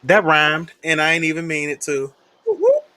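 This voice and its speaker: A man hosting a casual livestream chat, animated and laughing, calling out viewers' names. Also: fairly high pitch, normal speed. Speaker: livestream host.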